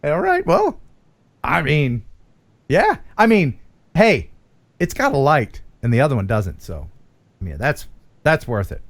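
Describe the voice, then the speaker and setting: A man's voice: medium pitch, sing-song, measured pace, pauses often. A man hosting a casual livestream chat, joking and teasing his guest. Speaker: host.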